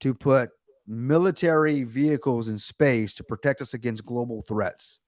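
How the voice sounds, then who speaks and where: A man's voice: medium pitch, moderate pace, darkish tone, dry recording, clean studio sound. An American man hosting a livestream, ranting sarcastically in casual chat with lots of restarts. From United States. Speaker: livestream host.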